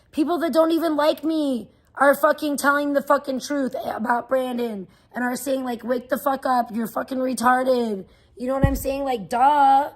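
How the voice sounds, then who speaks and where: A woman livestreaming, ranting in a profane, defensive way that swings between muttering and loud outbursts. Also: high voice. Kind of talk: casual livestream rant.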